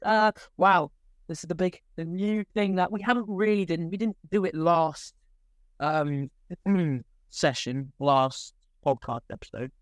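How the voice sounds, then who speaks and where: A man's voice: fairly high pitch, a little slow, smooth, no echo, clean studio sound. A young man co-hosting a casual podcast, rambling and laughing as he talks. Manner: rambling, self-interrupting, laughs often. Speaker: podcast co-host.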